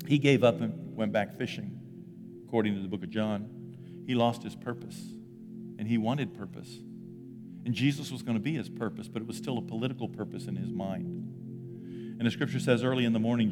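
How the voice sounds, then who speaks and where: A man preaching a sermon as pastor, animated, swinging loud and high for emphasis, then dropping low and quiet. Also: in a large hall. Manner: animated, jumps in pitch and volume for emphasis.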